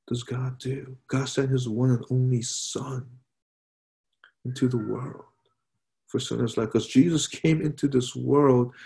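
Man preaching in a conversational way. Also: medium pitch. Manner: conversational preaching, frequent "right?" asides, soft drops for quoted words. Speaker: pastor. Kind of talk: sermon.

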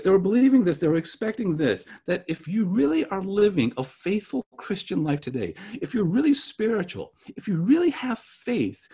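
A pastor preaches conversationally in a high-pitched voice that's a little mellow and slightly rough. He checks in with his listeners often, repeatedly asking "right?"

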